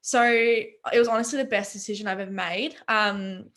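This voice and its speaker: A young woman speaks over a video call in a fairly high voice. She tells her story earnestly, full of "um" and "like", with emotion close to the surface. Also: brisk, a bit bright. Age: young adult. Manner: earnest, emotional, many fillers. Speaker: webinar guest.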